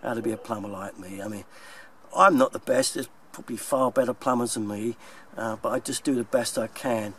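A man's voice: mid-range voice, fairly even intonation, brisk, bright, forceful tone, breathy edge. A man with a London accent talking casually to his viewers as a plumber, chatty and plain-spoken, often chuckling. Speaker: plumber and video maker. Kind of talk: casual vlog talk to viewers. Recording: distant mic, faint background noise.

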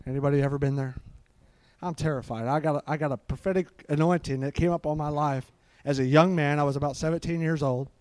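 A man's voice: fairly high pitch, fairly even intonation, fast talker, darkish tone, dry recording. A middle-aged man preaching a live sermon, fervent and peppered with hallelujahs.

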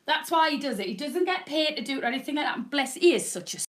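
A woman, presenting a live shopping stream loudly and cheerfully, greeting viewers by name. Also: high voice, expressive, fast talker. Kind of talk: live selling stream, chatty. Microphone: proper microphone.

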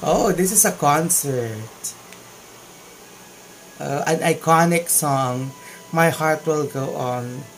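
A man's voice: a little high, slow pace, pauses often, a little hiss or hum, low-quality recording. A man with a Filipino accent hosting a casual reaction video, gushing with exclamations of amazement. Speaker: YouTube reaction vlogger.

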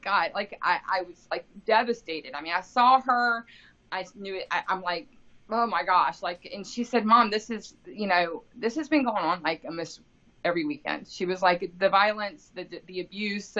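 A woman's voice: medium pitch, normal speed, bright, forceful tone. A woman in her forties, a grieving mother and interview guest, telling a painful personal story in a rambling way, full of fillers and restarts. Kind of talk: emotional personal account. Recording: dull lo-fi podcast audio.

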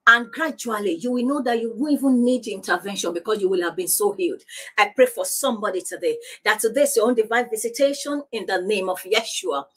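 Woman pastor preaching on healing, high voice, keeps repeating her declarations. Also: husky. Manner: insistent, repeats declarations, prays aloud. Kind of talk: sermon teaching on divine healing.

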